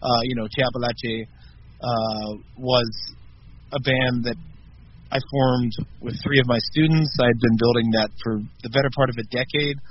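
A man's voice: medium pitch, fairly even intonation, moderate pace. A man who is a musician, talking as an interview guest in a reflective way, often hesitating. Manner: reflective, soft-spoken with hesitations. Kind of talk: casual interview. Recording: dull lo-fi with faint noise.

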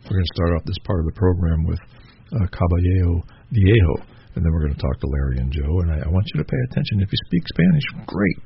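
A man with a very deep, gravelly voice hosts a radio interview show. He talks in a loose, easygoing way, pausing on fillers. The recording is slightly muffled, with a faint hiss behind him. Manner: relaxed, rambling with fillers. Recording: dull lo-fi with faint noise.

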